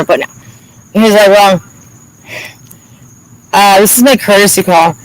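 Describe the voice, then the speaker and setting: A woman's voice: medium pitch, steady tone, normal speed, pauses often, slight background noise, poor audio. A woman vlogger telling a story in a casual, heated way, swearing often and acting out what each person said. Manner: heated, profane storytelling with lots of reported dialogue.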